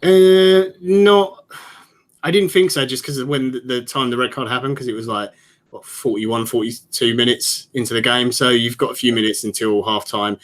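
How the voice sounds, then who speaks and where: A man's voice: mid-range voice, fairly even intonation, normal speed. Rambling male football pundit. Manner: rambling, many fillers and restarts. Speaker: podcast pundit. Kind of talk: casual football analysis.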